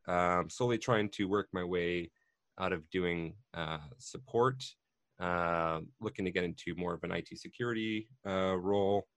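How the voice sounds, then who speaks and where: A man's voice: low-pitched, a bit bright, no echo. A man in his thirties hosting a casual podcast, talking with lots of fillers and restarts, a little nervous. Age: 30s. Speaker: podcast host.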